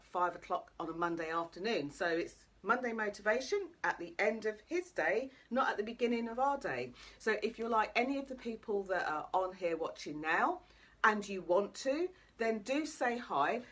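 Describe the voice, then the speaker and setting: A woman's voice: mid-range voice, fairly bright tone. A woman, a life coach, chatting cheekily and directly to viewers live on camera. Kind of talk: live motivational talk to viewers.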